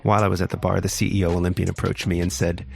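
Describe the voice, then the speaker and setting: A man's voice: deep voice, flat delivery, rapid-fire, vocal fry, faint music behind. A man casually narrating a wild story as a podcast host, wry and swearing freely.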